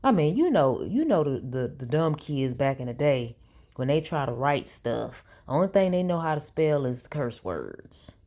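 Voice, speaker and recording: A woman's voice: deep voice, big pitch swings, moderate pace, dark tone. A woman reads text messages aloud and breaks in with sassy, incredulous asides as a commentary vlogger.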